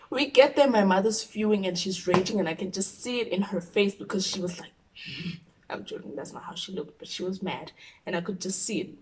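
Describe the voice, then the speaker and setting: A young woman with a South African accent telling a personal story, animated, dropping into whispers for asides. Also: mid-range voice, distant mic, low-quality recording. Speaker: YouTuber. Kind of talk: storytime vlog.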